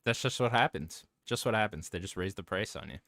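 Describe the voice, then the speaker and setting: A male podcast host chatting casually, his low voice rising and falling with animated swings. He teases his guest and breaks into laughter often. The sound is dry, with no room around it. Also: a little fast, no echo. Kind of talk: casual chat.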